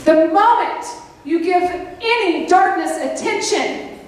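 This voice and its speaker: A woman preacher, giving a sermon in a folksy, animated storytelling way with playful asides to the congregation. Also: very high-pitched, slow. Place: church sanctuary. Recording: echoey hall, voice from a distance with background noise.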